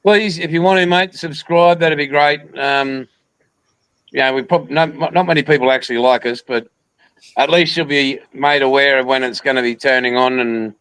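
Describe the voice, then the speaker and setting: A man's voice: mid-range voice, steady tone, moderate pace, fairly bright tone, clear, resonant tone, no echo, poor audio. An Australian man hosting a casual livestream, joking and bantering crudely with guests and viewers. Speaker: livestream host. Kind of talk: casual live chat.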